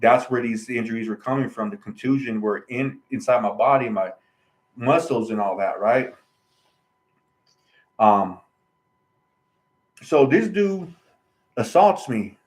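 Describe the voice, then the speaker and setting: A man's voice: mid-range voice, lively intonation, a little slow, long pauses, rough recording. A man telling his own story in a casual vlog, rambling and earnest, often tagging lines with "right?" and "you know". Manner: earnest, aggrieved.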